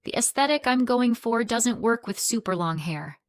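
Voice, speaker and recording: A woman's voice: fairly high pitch, expressive, moderate pace, no room sound, voice pushed up. Woman narrator doing a dismissive young bride, demanding, self-centred, dry close sound.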